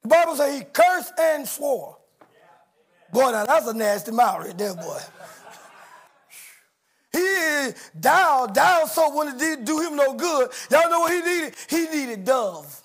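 A man preaching a sermon, shouting and acting out quoted voices with call-and-response. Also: very high voice, expressive, takes it slowly.

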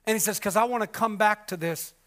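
A man preaches a passionate sermon in a high-pitched voice at a fairly quick pace, shifting between loud cries and hushed murmurs. He repeats himself and restarts often, using many fillers.

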